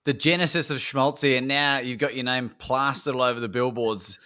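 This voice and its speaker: A man's voice: medium pitch, fairly even intonation, brisk, bright, forceful tone, clear, resonant tone. A man, a guest on the show, joining in with playful banter. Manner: playful, puts on joke accents. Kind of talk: joking banter.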